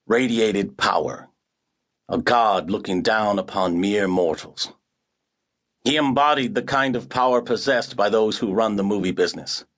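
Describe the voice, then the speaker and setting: A man narrating an audiobook in the first person, with a wry, hard-boiled delivery. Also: on the low side.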